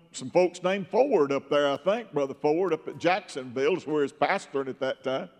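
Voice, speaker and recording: Fervent older preacher in an echoing hall. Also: male voice, fairly high pitch. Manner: fervent, bursts into shouts. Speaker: pastor. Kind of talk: Pentecostal sermon.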